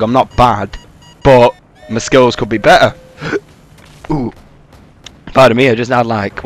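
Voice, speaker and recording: A young man giving casual, rambling freestyle commentary over his own gameplay, swearing and using lots of fillers. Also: mid-range voice. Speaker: gaming commentator.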